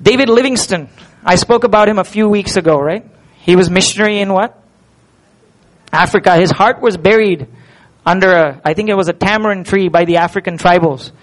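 A male pastor delivering a sermon, animated and full of rhetorical questions. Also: high voice, brisk, low-quality recording.

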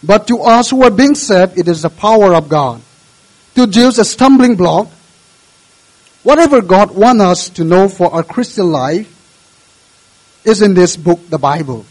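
A male pastor delivers a sermon in an earnest, measured way, exhorting the congregation. His voice sits high for a man. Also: lively intonation, a little mellow, poor audio.

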